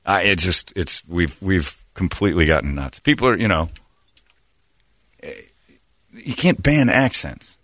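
A man's voice: low voice, expressive, unhurried, pauses often, fairly bright tone, no echo. A man hosting a radio show, talking in blunt, opinionated studio banter.

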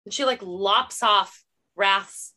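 Bright-voiced woman podcast co-host; blunt, sarcastic, swears freely. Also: mid-range voice, slow. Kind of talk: casual book club chat.

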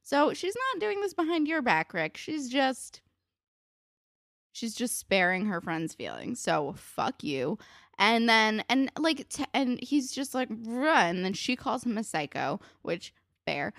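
A young woman talks about a show in casual chat, her pitch swinging widely as she vents. She gives exasperated, sarcastic commentary. The recording is dry and close. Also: very animated, unhurried, vocal fry, a bit bright, no room sound.

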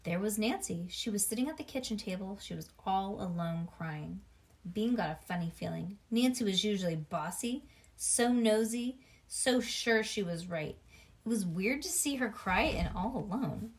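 Woman reading a kids' storybook aloud, animated, chatty asides. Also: medium pitch, normal speed. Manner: animated, with asides to a child listener. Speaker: reader. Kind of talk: reading a children's book aloud.

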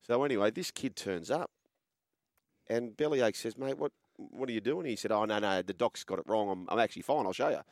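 Australian man, lowish voice, dry close sound, casual storytelling host. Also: brisk, dry recording.

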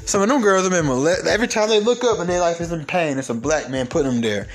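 A fired-up man holds forth alone on his podcast, his voice sitting a little high for a man. He rants with a lot of swearing and breaks into loud, forceful bursts. Soft music plays faintly behind him. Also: fast. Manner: heated, profane ranting with sudden loud emphatic peaks. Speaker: podcast host. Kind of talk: solo podcast monologue.

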